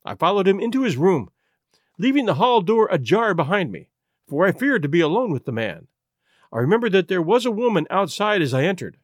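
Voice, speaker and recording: A man reading the part of a frightened aristocratic woman confessing in a rush, with a lively, rising and falling voice in a dry recording. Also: sits high, a little fast, no echo. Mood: anxious.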